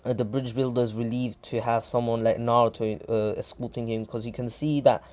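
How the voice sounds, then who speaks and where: A man's voice: medium pitch, little pitch movement, brisk, darkish tone. A man casually telling a fan-fiction story, rambling with lots of fillers. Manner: rambling, many fillers and restarts.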